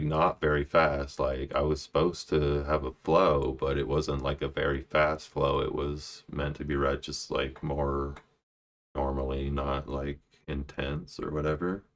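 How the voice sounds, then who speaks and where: Very deep-voiced man reading his poems. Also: flat delivery, unhurried. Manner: self-deprecating, restarts lines, muttering asides. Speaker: poet streaming live. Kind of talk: casual live stream, reading own poetry.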